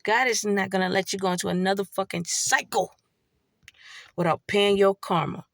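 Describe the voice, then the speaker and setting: A woman's voice: medium pitch, fairly even intonation, normal speed, vocal fry, fairly bright tone, no room sound, studio quality. A woman giving a blunt, heavily profane spiritual monologue in a preachy way. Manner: blunt, heavy swearing, preachy. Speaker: spiritual vlogger.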